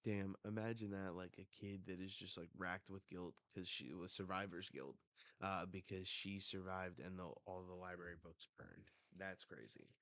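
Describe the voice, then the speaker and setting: A man hosting a live manga reaction, reading along and giving casual, excited asides with some swearing. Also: deep voice, moderate pace, dry recording.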